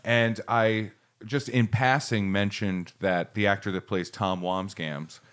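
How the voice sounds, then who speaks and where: A man co-hosting a comedy podcast, telling stories in a casual, animated way and mimicking the people in them. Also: fairly low pitch, slow, clear, resonant tone. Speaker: podcast co-host.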